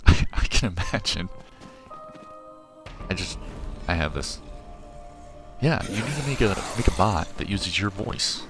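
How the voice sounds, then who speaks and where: A man in his thirties from Missouri with a low, deep voice talks casually through a late-night game stream. He rambles, restarts his sentences and answers his chat aloud. Loud game music and gunfire play right under him. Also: animated, slow pace, pauses often. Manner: rambling, chatty, answers chat messages aloud, self-correcting. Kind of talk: casual live-stream chat while gaming. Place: home at night.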